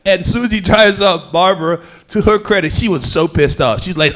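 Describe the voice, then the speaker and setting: A stand-up comedian from Houston, Texas, telling animated stories on a comedy club stage and acting out the people in them. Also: male voice, sits high, brisk, hardly any pauses. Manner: animated storytelling with acted-out voices.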